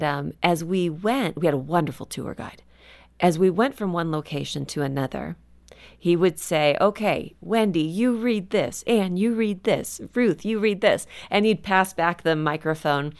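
A woman author as a guest on a faith interview show, telling stories in an earnest, reflective way and slowing down for emphasis. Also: low voice, darkish tone. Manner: earnest, storytelling, slows down for emphasis. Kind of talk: conversational radio interview.

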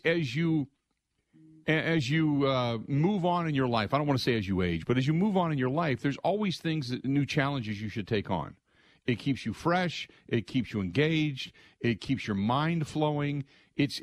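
A middle-aged man hosting a sports radio show, telling stories in an excitable, conversational way and acting out other people's lines. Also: medium pitch, no echo. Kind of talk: animated storytelling monologue.

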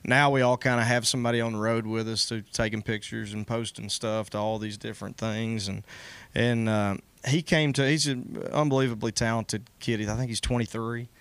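A man's voice: on the low side, fairly even intonation, moderate pace, a bit bright, smooth, no room sound. Easygoing self-deprecating male storyteller. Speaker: country singer guest. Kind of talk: casual radio interview.

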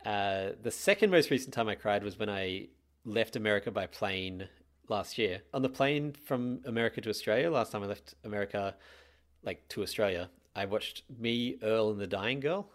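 A man's voice: on the low side, moderate pace. Worn-out young man, dry and blunt. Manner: dry, wry, tired and blunt. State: exhausted. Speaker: podcast co-host. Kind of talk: casual chat.

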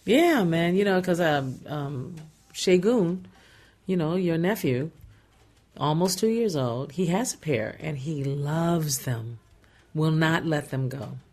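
A woman's voice: low-pitched, lively intonation, slow pace, a little mellow. A woman co-hosting a radio show in casual chat, playful and teasing. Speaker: radio co-host.

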